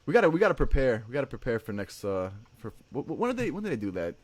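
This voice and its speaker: A man's voice: mid-range voice, wildly swooping pitch, racing, dry recording. A man hosting a casual livestream, rambling and joking, often tacking "man" onto his sentences and laughing. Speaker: livestream host.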